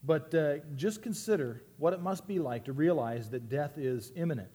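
A man's voice: a little high, lively intonation, normal speed, dark tone, slightly rough. A man preaching a sermon as pastor, earnest and reflective, often restarting his phrases.

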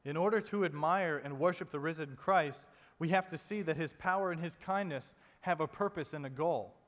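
A man preaching a sermon in a conversational way, dropping soft and low to stress a point. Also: normal speed. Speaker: pastor. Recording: long reverb in a hall.

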